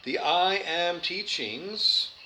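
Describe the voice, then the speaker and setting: A man's voice: sits high, animated, extremely slow, bright, forceful tone, a little hiss or hum. A man giving an earnest spiritual monologue, repeating his phrases and stumbling over his words. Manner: earnest, repetitive, with stumbles and restarts.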